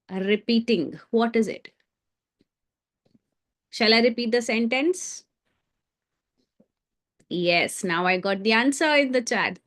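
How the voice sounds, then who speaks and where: A woman's voice: on the high side, slow, long pauses. A woman teaching a live online creative writing class for children, encouraging them and asking them lots of questions. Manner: encouraging, asks the viewers many questions.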